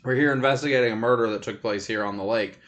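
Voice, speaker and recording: A man voicing a weary young male lawyer in a flat, deadpan tone, a little lower than his own voice. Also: fast talker, slight background noise, close to an everyday voice.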